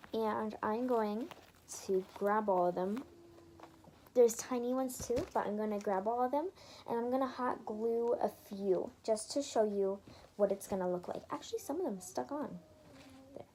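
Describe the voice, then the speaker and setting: A woman's voice: medium pitch, warm tone, slight background noise. A woman hosting a casual DIY craft tutorial, chatting her way through each step and correcting herself as she goes.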